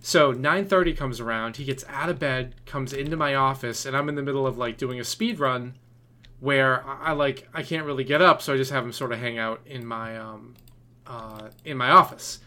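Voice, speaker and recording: A man with a bright, forceful voice, chatting casually as a podcast co-host. He tells rambling, animated stories packed with "uh" and "like." A computer keyboard clicks now and then in the background. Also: mid-range voice, moderate pace. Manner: rambling, animated storytelling with many fillers. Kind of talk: casual storytelling chat.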